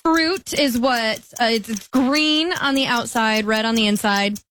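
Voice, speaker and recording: A woman's voice: on the high side, a bit bright, slight background noise. A woman contestant giving clues in a timed word game, hesitant with many ums. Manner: hesitant, lots of ums, quick when explaining. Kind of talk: describing clue words in a timed game.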